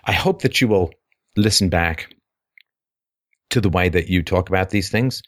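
A man's voice: low-pitched, moderate pace. A man hosting a call-in show, talking frankly in a casual, opinionated way and repeating words as he thinks aloud.

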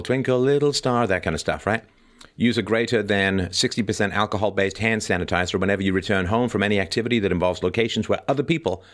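A man's voice: lowish voice, fairly bright tone. A middle-aged man hosting a live stream, reading out advice and breaking off into chatty joking asides. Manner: chatty, joking asides between read-out points. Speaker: podcast host.

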